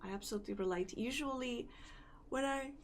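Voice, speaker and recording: A sleepy woman streamer yawns as she casually chats with her viewers, rambling and repeating phrases while she wakes up and talks to chat. Her voice is a little high and a little fast, with slight background noise.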